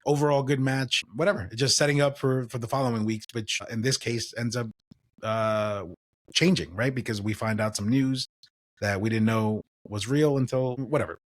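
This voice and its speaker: A man co-hosting a podcast, running through wrestling matches in a loose, casual play-by-play with fillers and quick asides. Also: medium pitch, fairly even intonation. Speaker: podcast co-host. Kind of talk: casual wrestling recap chat.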